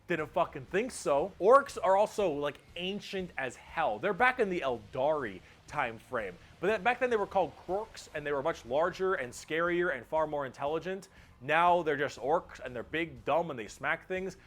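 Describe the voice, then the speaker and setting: A man's voice: on the high side, fairly bright tone. A man in casual chat, enthusiastically rambling as he explains a tabletop wargame and mimics brutish characters. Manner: enthusiastic, rambling explainer who acts out dumb-brute voices.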